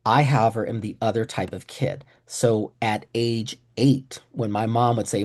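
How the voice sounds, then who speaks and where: This middle-aged Texan man runs a casual, joking webinar training for clinicians over a video call, poking fun at himself and acting out quoted voices. His voice sits on the low side, steady and a little mellow, moving at a normal pace with hardly any pauses.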